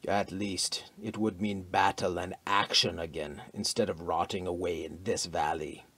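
A man reading the part of a tall, brooding captain in an audiobook, muttering low. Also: steady tone, normal speed, fairly bright tone, breathy edge, exaggerated voice. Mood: grumbling.

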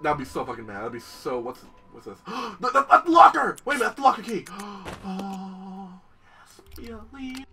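A young man riffs over his gameplay in a high, bright voice. His pitch leaps all over as he gasps, curses and shouts at the game. He sits a bit back from the microphone, with faint game music behind him. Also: fast talker, hardly any pauses, distant mic. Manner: excitable, swears a lot, talks to the game and its characters. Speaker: gameplay commentator. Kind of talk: let's play commentary.

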